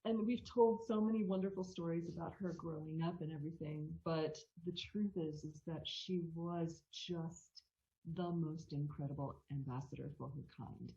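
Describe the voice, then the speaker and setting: A woman with a notably deep voice answers in a live Q&A, earnest and reflective. The sound is muffled and dull. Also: steady tone, normal speed, dark tone. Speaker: wolf sanctuary co-founder.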